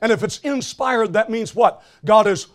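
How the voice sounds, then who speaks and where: A man preaching a sermon, asking the congregation questions and quoting scripture, moving between loud exclamations and quiet passages. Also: high voice, moderate pace.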